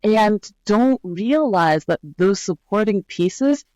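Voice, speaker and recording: A woman speaks as a guest in a video-call interview. She is an animated storyteller who keeps asking "right?", and her voice sits in a middle pitch. The sound is close and dry, with no room echo. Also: takes it slowly. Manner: lively storyteller, often adds "right?". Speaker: guest, brand scientist. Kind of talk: conversational podcast interview.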